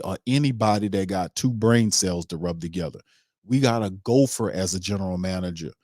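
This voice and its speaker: A man's voice: on the low side, darkish tone, no echo, studio quality. A man hosting a sports podcast, ranting emphatically in casual slang with heated repetition. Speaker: podcast host.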